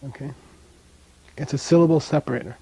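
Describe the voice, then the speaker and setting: A man's voice: a little high, a little fast, husky, low-quality recording. A middle-aged man teaching a language class in a casual way, often checking in with his students. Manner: relaxed, casual, checks in with "okay?".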